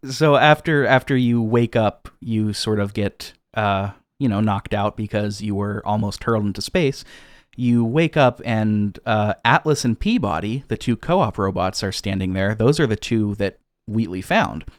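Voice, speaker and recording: A man's voice: on the low side, unhurried, no echo. A man co-hosting a casual podcast, recapping a game's story with plenty of fillers and restarts. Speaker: podcast co-host.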